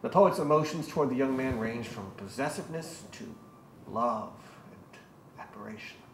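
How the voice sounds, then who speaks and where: A man with a voice of ordinary pitch delivers a scripted lesson in a dry, tongue-in-cheek way. The room adds a noticeable echo, and faint noise sits in the background. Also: fairly bright tone. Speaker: presenter explaining poetry. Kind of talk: scripted educational narration.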